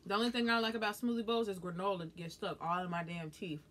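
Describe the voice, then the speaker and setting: A woman's voice: mid-range voice, fast talker. A young woman with a Southern US accent, chatting casually and bluntly while eating and reading viewer comments. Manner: blunt, profane, animated.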